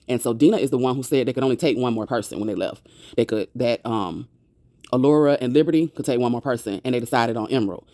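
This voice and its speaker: A woman's voice: extremely low pitch, darkish tone, no room sound, studio quality. A woman casually recapping a TV episode in a chatty, sassy way, full of slangy asides. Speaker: TV recap vlogger.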